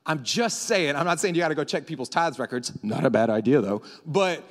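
A man preaching a sermon into a microphone, animated and breaking into yelling at times. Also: a little high, fairly quick. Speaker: pastor. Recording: reverberant hall.

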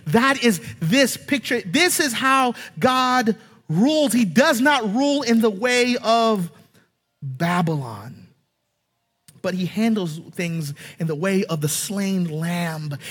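A man with a very high, husky voice delivers an animated, emphatic sermon. He asks rhetorical questions and drops from loud declarations to hushed lines. A long hall reverb trails his words. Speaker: preacher.

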